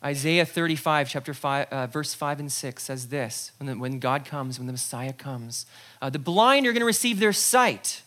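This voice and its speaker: A pastor preaching a sermon in a conversational, animated way, acting out scenes and checking in with the listeners. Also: mid-range voice, moderate pace. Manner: animated storyteller, acts out scenes; conversational, frequent "okay?" asides.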